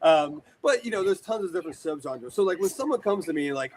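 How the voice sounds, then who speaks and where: Man, forties, from the US, casual interview guest, rambling storyteller, rather high voice. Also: fast talker, slight background noise. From United States. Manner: animated, rambling, self-interrupting. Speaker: guest, horror shop owner.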